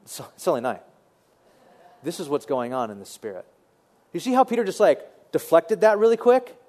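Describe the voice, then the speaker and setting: A man preaching a sermon in a conversational, animated way, often repeating words as he thinks. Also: a little high, fairly quick. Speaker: pastor.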